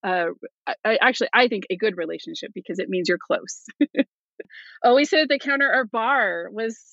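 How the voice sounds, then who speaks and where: A woman's voice: on the high side, normal speed, fairly bright tone, no room sound, dull audio. A woman guest on a podcast, chatting enthusiastically and giggling as she reacts. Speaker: listener guest. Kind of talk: casual chat.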